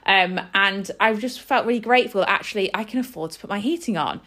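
A woman in her thirties talks through her morning routine in a relaxed podcast monologue. She speaks earnestly and chattily, with her pitch sitting right in the middle for a woman's voice, and she keeps dropping "you know" and "like" into her sentences. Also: quick pace. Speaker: podcast host.

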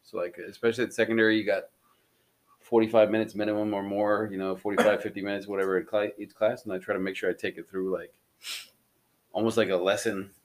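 A man with a fairly low voice, co-hosting a casual podcast about school life. He rambles through his points with plenty of fillers, and his asides come out wry. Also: level tone, fast talker. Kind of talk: casual chat.

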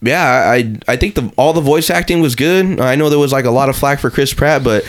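A man's voice: medium pitch, brisk. Laid-back young man in casual chat. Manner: laid-back, agreeable, says "man" a lot. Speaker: podcast co-host.

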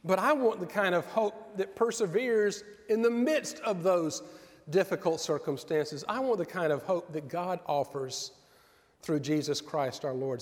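A middle-aged man preaching a sermon in an earnest, measured way with pauses. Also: high voice. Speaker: pastor. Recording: long reverb of a large hall.

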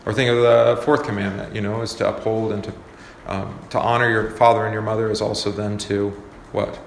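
Here a pastor with a lowish voice and vocal fry talks briskly in a flat delivery while leading a laid-back Bible study. His conversational teaching leans on many fillers and frequent questions to the group. Echo from the room and faint background noise are audible.

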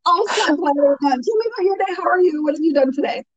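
Woman, casual chat with a friend; brash, exclamatory, swears freely, very high voice, close dry mic. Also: expressive, quick pace, no room sound, dull audio.

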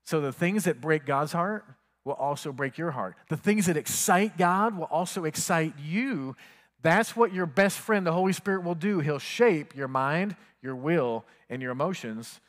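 Preaching man, higher voice, echoing hall. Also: expressive, normal speed. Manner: conversational, asks the congregation questions. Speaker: pastor. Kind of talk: sermon.

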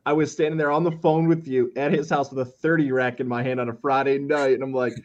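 A man's voice: medium pitch, fairly even intonation, quick pace, darkish tone. A man hosting a casual interview, friendly and asking long follow-up questions. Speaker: podcast host. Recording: slightly dull, lo-fi audio.

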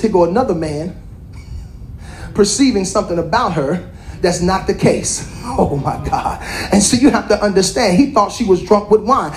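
A woman's voice: medium pitch, darkish tone, slight background noise. A woman apostle preaching a sermon, emphatic and colloquial, speaking straight to her congregation.

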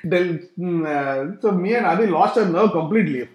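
A man's voice: high-pitched, animated, normal speed, roomy sound. A man narrating a humorous travel story, acting out sound effects. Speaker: travel vlogger.

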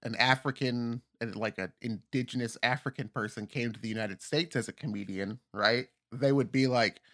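A man's voice: mid-range voice, steady tone, normal speed, a bit bright. A young man co-hosting a podcast, chatting playfully and laughing often. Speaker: podcast co-host. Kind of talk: casual chat.

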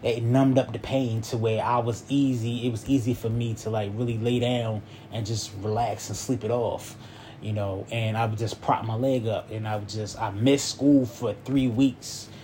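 A man's voice: medium pitch, fairly even intonation, moderate pace, dark tone, slight background noise. A young man casually telling a personal story in a loose, rambling way, often checking in with the listener. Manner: loose, rambling, repeats "you feel me".

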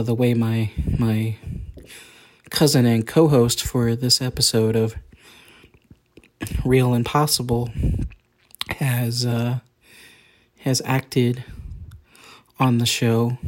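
A woman doing a halting, awkward podcast host. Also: very deep voice, darkish tone, voice pushed down. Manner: halting, many fillers and restarts, stiff and apologetic. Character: awkward, hesitant podcast host, a young man. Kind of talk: improvised comedy sketch.

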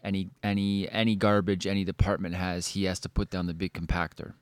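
A man telling a story in casual chat, animated and full of swearing, likes and restarts. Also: low voice, a little fast, no echo.

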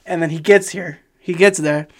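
A man, casually telling an animated, profanity-laden story on a podcast and laughing as he goes. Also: on the high side, normal speed, creaky. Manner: animated, swears a lot, laughs while telling. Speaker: podcast host.

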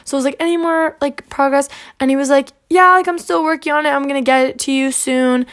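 A young woman hosts a podcast in a high, steady, slightly bright voice, talking fast. Her casual storytelling monologue is chatty and full of "like," and she acts out quoted back-and-forth dialogue.

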